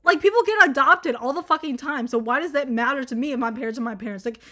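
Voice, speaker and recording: A woman's voice: high voice, fast, a bit bright. A young woman from Vietnam telling a personal story in a rambling, profane, laugh-filled casual way. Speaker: vlogger.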